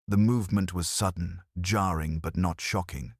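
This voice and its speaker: A man narrating a scripted mystery story in a measured, even way. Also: deep voice, husky, no room sound, studio quality.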